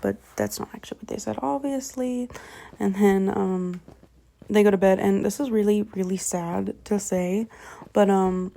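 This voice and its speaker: A woman's voice: medium pitch, moderate pace, vocal fry, dark tone. A young woman retelling a book in a casual, rambling way, swearing freely and often correcting herself. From Canada. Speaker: vlogger.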